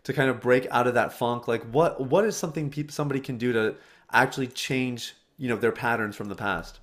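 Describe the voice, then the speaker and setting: A man's voice: mid-range voice, a little fast. A man hosting an interview who thinks aloud as he builds long questions, full of restarts. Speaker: podcast host.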